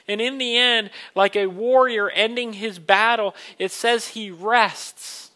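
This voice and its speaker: A man's voice: high voice, steady tone, takes it slowly, few pauses, bright, forceful tone. A man preaching a sermon to a congregation, earnest and building to emphatic questions. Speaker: pastor.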